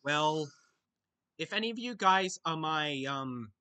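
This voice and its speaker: A man's voice: on the high side, lively intonation, takes it slowly, bright, forceful tone, clean tone, dry recording. A young Australian man answering viewer questions in a casual Q&A video, often noncommittal and hesitant. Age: young adult. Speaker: YouTuber.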